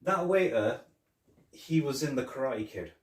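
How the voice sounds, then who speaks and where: A man's voice: medium pitch, animated, unhurried. A man hosting a podcast, chatting casually about a film, rambling and retelling scenes with laughs. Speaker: podcast host. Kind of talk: casual film review chat. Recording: roomy echo, mic at a distance.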